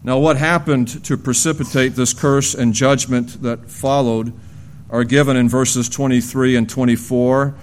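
A man preaching an earnest expository sermon in church, swinging from animated storytelling to a low, grave tone. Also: measured pace, a little hiss or hum.

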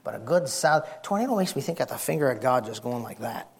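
Gravelly preacher man. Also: mid-range voice, fast. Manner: excitable, shouts and whispers for effect. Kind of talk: sermon.

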